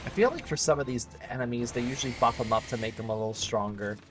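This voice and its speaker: A man streaming a game who chats loosely as he plays. His voice is mid-pitched, and his talk is full of "like" and "uh" as he thinks aloud. Soft music plays faintly underneath. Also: fast talker. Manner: rambling, filler-heavy, thinking aloud. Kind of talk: casual gameplay commentary.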